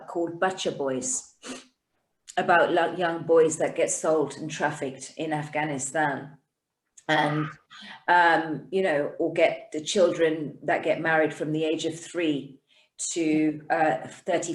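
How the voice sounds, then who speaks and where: A woman hosting a casual online conversation, talking in a rambling, heartfelt way with many restarts. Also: low voice. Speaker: host. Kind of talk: casual chat. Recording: roomy echo.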